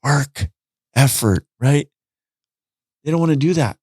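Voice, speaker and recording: A man's voice: medium pitch, unhurried, slightly rough, no echo, studio quality. A middle-aged man chatting as a podcast guest, telling stories with lots of energy and acting out the dialogue. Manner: animated storytelling, acts out dialogue. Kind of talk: casual chat.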